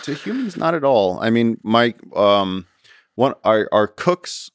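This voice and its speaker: An American man in his thirties appears as a podcast guest, telling stories casually and animatedly, acting out quotes and using many fillers. His lowish voice moves slowly with a clean tone in a dry, studio-quality recording.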